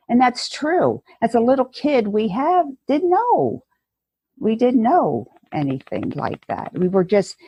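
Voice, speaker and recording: A woman guest speaking earnestly in a conversational interview, telling stories and acting out inner voices, with a husky voice. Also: sits low, a little mellow, no echo. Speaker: guest educator.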